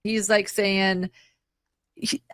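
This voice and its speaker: A woman's voice: mid-range voice, level tone, drawn-out words, very noisy. A woman chatting casually, bemused and laughing. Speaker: guest. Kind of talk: casual chat.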